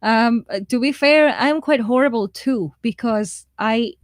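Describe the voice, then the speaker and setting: Woman w a mixed shifting accent hosting a writing livestream, reads chat out loud, laughs at herself, bit high-pitched. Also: a little slow, dry recording. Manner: chatty and self-deprecating, laughs often. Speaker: livestream host of a writing write-in. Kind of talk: casual live-stream chat, reading viewer comments aloud.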